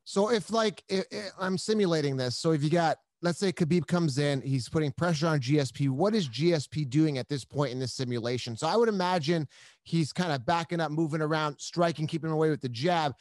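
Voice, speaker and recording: Male podcast host, eager questioner, higher-pitched voice, dry sound, casual chat. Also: a little fast, darkish tone, dry recording. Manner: eager, asks leading questions, laughs easily.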